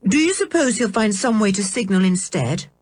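A woman voicing a brisk, teasing schoolboy in a storybook reading. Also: mid-range voice, lively intonation, darkish tone, breathy edge, pitched above the performer's own voice.

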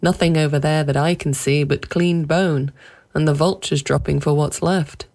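A woman's voice: low voice, steady tone, normal speed, darkish tone. A woman reading aloud voices an easygoing husband who talks in a light, amused, reassuring way. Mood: calm, amused. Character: easygoing amused husband, middle-aged man.

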